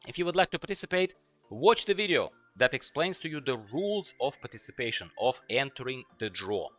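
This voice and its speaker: Chatty man with a bright, forceful voice. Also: medium pitch, very animated, a little fast, dry recording, soft background music. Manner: chatty, emphatic, repeats words for effect. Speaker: channel host translating an owner interview. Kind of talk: casual video commentary.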